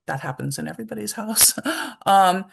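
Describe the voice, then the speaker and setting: A woman's voice: mid-range voice, expressive, moderate pace, vocal fry, breathy edge. A woman presenting a webinar to parents and teachers, speaking conversationally and explaining her points through everyday examples.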